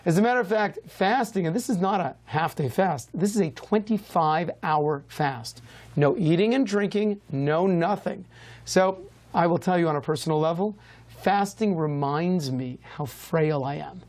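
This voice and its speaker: Brief: a male rabbi host, animated and chatty, teaching to camera with quick shifts of pace. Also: fairly high pitch. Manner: lively, conversational, varies pace a lot. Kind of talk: TV religious teaching, answering questions.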